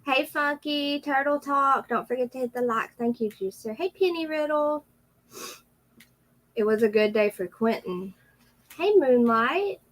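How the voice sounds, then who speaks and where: A woman's voice: high-pitched, expressive, a little slow, poor audio. A woman hosting a casual livestream, teary with a runny nose, greeting her viewers one by one. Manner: greets viewers by name, chatty. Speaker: livestream host.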